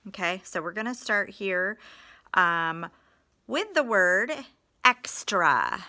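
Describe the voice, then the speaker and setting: A woman's voice: medium pitch, very animated, slow, pushed and bright. A woman teaching phonics in a recorded lesson, patient, stretching out example words and sentences.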